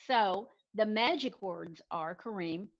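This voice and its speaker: A woman's voice: mid-range voice, slow pace, gravelly, highs cut off. A woman presenting an award, reading a formal, upbeat prepared announcement and then speaking a little more freely.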